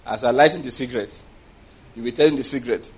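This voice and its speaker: A man's voice: mid-range voice, quick pace, slightly rough. A man preaching a sermon in a chatty, conversational way, often checking whether the congregation understands and chuckling between points.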